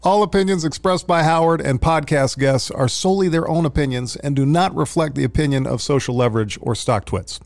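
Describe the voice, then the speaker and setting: A man reads a scripted disclaimer in a formal, even tone, his somewhat high voice carrying a gravelly edge. The recording is dry and close. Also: brisk, hardly any pauses, dry recording. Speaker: announcer reading a disclaimer.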